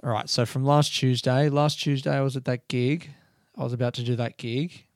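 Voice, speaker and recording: A man hosting his own podcast, talking softly and quietly in his house late at night, rambling casually through stories. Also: mid-range voice, steady tone, moderate pace, dry recording, studio quality. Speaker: comedian podcast host. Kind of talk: casual solo podcast chat.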